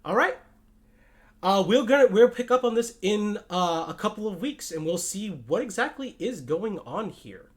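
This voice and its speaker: A man narrating as game master of a tabletop game, lively and animated. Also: moderate pace. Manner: lively, animated narration with booming quoted lines.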